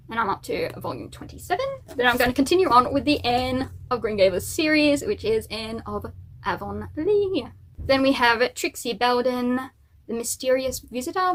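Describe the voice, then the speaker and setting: A woman's voice: fairly high pitch, a bit bright. Chatty young-sounding woman book vlogger. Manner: chatty and upbeat, with asides and fillers. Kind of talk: casual chat.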